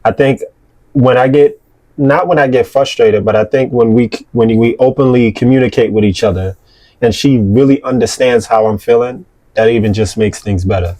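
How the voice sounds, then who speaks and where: A young man chatting with his partner as co-host, speaking in an easygoing, halting way with many fillers. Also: mid-range voice, mellow. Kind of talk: casual couple's chat.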